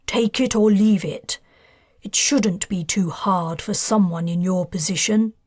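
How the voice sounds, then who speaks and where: A woman voicing a smooth, scheming man of high society who bargains in clipped lines, in an audiobook. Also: unhurried, darkish tone, dry recording, clean studio sound, close to an everyday voice. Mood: bargaining.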